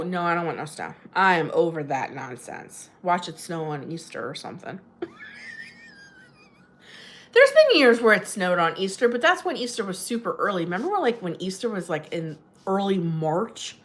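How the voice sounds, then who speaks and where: A woman's voice: lowish voice, sing-song, normal speed. Chatty woman hosting a livestream. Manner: chatty, laughs often, voice jumps up when greeting viewers. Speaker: livestream host. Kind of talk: casual livestream chat reading comments. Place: home in New Jersey.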